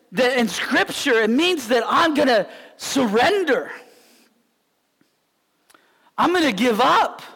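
A man preaching a sermon as a pastor, telling stories in an animated way and acting out the scenes. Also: very high-pitched, husky. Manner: animated storytelling, acts out scenes. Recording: long hall reverb.

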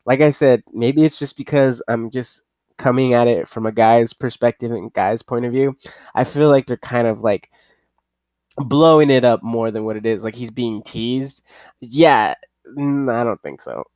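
A young man hosting a casual podcast, rambling and profane, reading news haltingly and laughing at himself. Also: medium pitch, a little mellow, dry recording. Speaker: podcast host.

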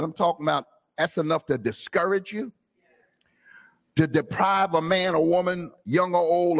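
A man preaching a sermon as pastor to his congregation, calling out to them and climbing from talk into shouted, half-sung lines. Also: fairly high pitch. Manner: call-and-response, rising to shouts and sung phrases. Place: church sanctuary.

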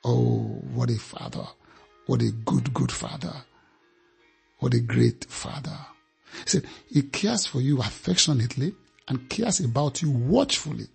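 Male preacher, emphatic and repetitive delivery, raspy tone, mid pitch. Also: very animated, measured pace, a little mellow, soft background music. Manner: emphatic, repeats phrases for effect. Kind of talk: sermon.

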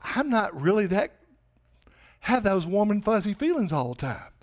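A man preaches a sermon in a loose, conversational way. He keeps turning to his listeners with rhetorical questions. His speaking voice sits notably high for a man. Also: sing-song, moderate pace. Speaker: pastor.

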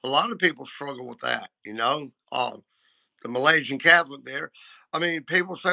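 Bright, gravelly male interview host. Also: medium pitch, normal speed. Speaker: podcast host. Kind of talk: interviewer chat.

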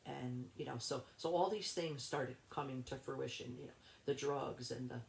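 Gravelly-voiced woman telling her story haltingly. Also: rumbling low, darkish tone, echoey room, a little hiss or hum. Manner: rambling, halting, with many restarts. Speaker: interview guest. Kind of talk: personal storytelling in an interview.

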